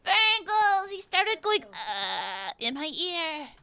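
A woman with a very high, sharply bright voice chats playfully while streaming a game with friends. She jokes around, yelps at scares and sometimes sinks to a quiet murmur. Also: very animated, slow. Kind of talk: casual gaming chat.

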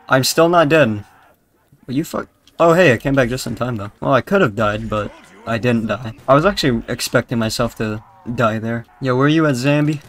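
A young man with a British accent giving crude, rambling, jokey commentary while playing a zombie video game. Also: medium pitch. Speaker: gaming YouTuber. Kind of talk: casual gameplay commentary.

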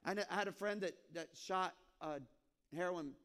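A pastor delivers a sermon with a high, bright voice. He tells his stories animatedly, acting out dialogue and jumping into squeaky exclamations. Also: moderate pace, smooth. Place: church sanctuary.

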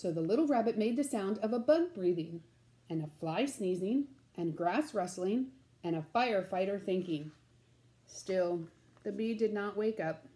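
Woman storyteller, children's story, sing-song, gentle, slow, warm. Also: medium pitch, expressive.

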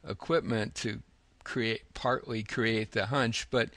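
A man hosting an interview, speaking in a measured way that sums up points, with some hesitation. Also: fairly low pitch, fairly even intonation, a bit bright, dry recording. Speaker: interview host. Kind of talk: conversational interview.

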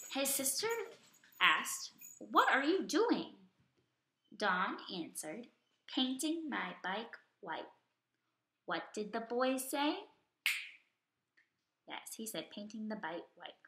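A woman teaching first grade, reading a story and leading phonics with slow, clear, drawn-out words and questions for the children. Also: fairly high pitch, sharp tone, roomy sound. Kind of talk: recorded reading and phonics lesson.

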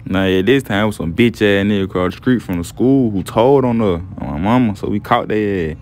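Low voiced young dude telling a story all slangy and chill, cussing a lot. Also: male voice, brisk, darkish tone. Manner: laid-back, profane, says "you feel me" often. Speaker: gameplay storyteller. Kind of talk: casual slangy story narration.

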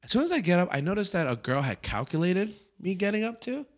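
Speaking quickly in a voice that sits high, a comedian running a comedy podcast tells a profane, animated anecdote. He acts out the quotes of the people in it.

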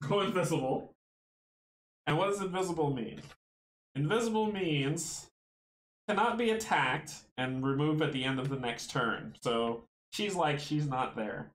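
A man with a fairly high voice talks himself through a solo board game. He is chatty, counts his moves out loud and chuckles often. The room around him rings with echo. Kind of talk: solo tabletop playthrough, thinking aloud.

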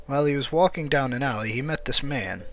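A man voicing a tired, suspicious young man who talks bluntly and roughly. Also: medium pitch, animated, fast, faint music behind, close to an everyday voice. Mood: storytelling. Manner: rough, blunt working-class talk.

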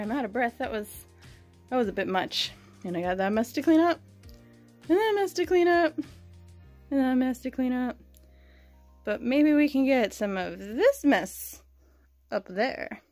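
A young woman chatting casually as she builds a plant shelf and shows her houseplants, laughing often as she talks. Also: fairly high pitch. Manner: chatty and giggly, frequent small laughs. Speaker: plant vlogger. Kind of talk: casual DIY vlog narration.

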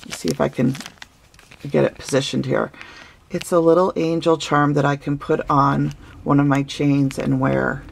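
A woman's voice: sits low, little pitch movement, normal speed, vocal fry. A woman opening handmade gifts on her craft vlog, gushing and sentimental, with many fillers. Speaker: craft vlogger. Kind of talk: casual gift-opening vlog.

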